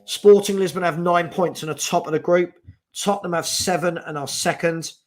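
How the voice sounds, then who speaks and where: A man's voice: high-pitched, steady tone, moderate pace. Exasperated man hosting a football stream. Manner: exasperated, swearing, chatty with viewers. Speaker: host of a fan watch-along stream. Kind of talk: casual live football chat.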